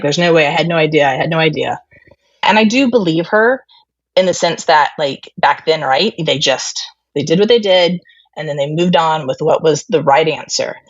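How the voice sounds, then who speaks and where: On a recording with no echo and the highs cut off, a low-voiced woman shares a family story openly as an interview guest. She recreates past conversations and fills her speech with fillers.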